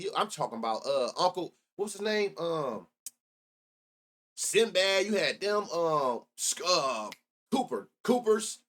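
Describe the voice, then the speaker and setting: Reminiscing and reacting to viewers, a middle-aged sports betting host runs his live stream with loose, profane chatter. His voice is a bit bright and fairly high in pitch.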